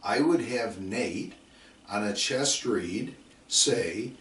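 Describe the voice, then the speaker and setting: A man's voice: on the low side, lively intonation, slow pace, fairly bright tone, a little hiss or hum. A middle-aged man giving a coaching lecture, emphatic and repetitive, telling stories and acting out his players. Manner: emphatic, repeats drill calls, acts out players. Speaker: football coach. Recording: roomy sound from a distant mic.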